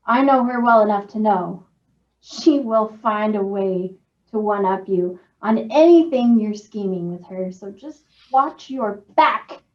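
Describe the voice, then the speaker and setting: Woman as a spoiled snide daughter, very slow drawl, roomy echo, distant dull mic. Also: medium pitch, natural voice. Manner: drawling, sarcastic, condescending. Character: snide spoiled adult daughter of a rich man.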